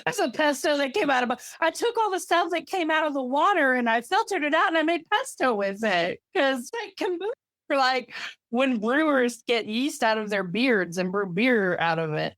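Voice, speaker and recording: A woman's voice: high-pitched, expressive, normal speed, fairly bright tone, no room sound. A woman co-hosting a podcast in casual chat, telling long rambling stories, peppered with "like" and casual swearing. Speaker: podcast co-host.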